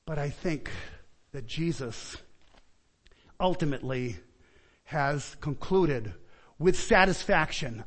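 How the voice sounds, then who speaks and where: High-pitched preacher guy, gets loud then goes soft, lots of questions to the crowd. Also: lively intonation, slow pace, pauses often, husky. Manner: impassioned, swings between loud pleading and quiet reflection; repeats and restarts words, asks the listeners questions. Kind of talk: sermon.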